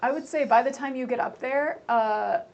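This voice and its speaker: Woman GM, casual and hedging, a bit high-pitched, light hiss behind. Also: moderate pace, darkish tone, highs cut off. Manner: chatty, hedging, many fillers. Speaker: game master. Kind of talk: narrating a tabletop game.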